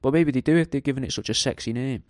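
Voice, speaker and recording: A man's voice: medium pitch, fast talker, a little mellow, no echo, studio quality. A man hosting a podcast, talking casually in a rambling, jokey, sweary way. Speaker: podcast host. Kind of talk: casual monologue.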